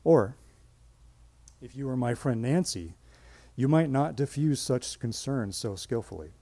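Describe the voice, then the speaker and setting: A man telling a personal story on stage at a live storytelling event, with measured, dramatic pauses. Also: medium pitch, animated, mellow.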